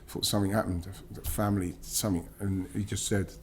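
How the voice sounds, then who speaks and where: A man's voice: on the low side, a little hiss or hum. Middle-aged man telling a painful story. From England. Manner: animated, swearing, halting restarts when moved. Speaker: guest, former footballer. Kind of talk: emotional personal storytelling.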